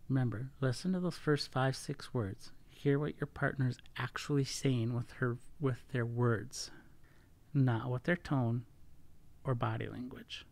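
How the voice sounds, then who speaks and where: A middle-aged man hosts a casual solo podcast, speaking earnestly, stumbling over words and often correcting himself mid-sentence. His mid-range voice is steady, unhurried and creaky.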